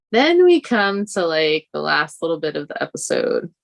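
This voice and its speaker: A woman's voice: deep voice, very animated, unhurried, vocal fry. A woman podcast co-host recapping a TV episode in casual chat, rambling with lots of fillers. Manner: rambling recap with many fillers and quoted lines.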